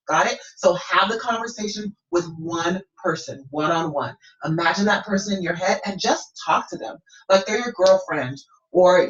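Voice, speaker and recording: A woman's voice: lowish voice, fairly bright tone. A woman coaching students in an encouraging way, often checking in with "okay?". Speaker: business coach. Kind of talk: coaching lesson. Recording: roomy, distant, dull lo-fi sound.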